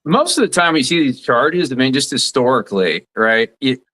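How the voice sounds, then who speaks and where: A man's voice: mid-range voice, expressive, moderate pace, bright, forceful tone, poor audio. A man in his forties from Alabama, a radio commentator and former attorney, talking through legal issues in a plain, explanatory way during an interview. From southeast Alabama, USA. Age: 40s. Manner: explanatory, many restarts, plain-spoken legal analysis. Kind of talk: casual interview conversation.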